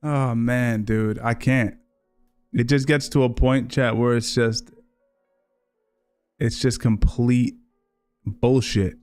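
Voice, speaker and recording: A man's voice: medium pitch, fairly even intonation, takes it slowly, long pauses, a little mellow, smooth, soft background music. A man hosting a livestream, reacting to clips in a rambling, casual way, often correcting himself and swearing. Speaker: livestream host.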